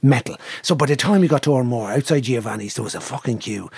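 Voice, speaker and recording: Husky Irish man telling a lively story. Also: medium pitch, fast talker, no echo. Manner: animated anecdote-telling, acting out family voices. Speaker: podcast co-host. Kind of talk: casual storytelling chat.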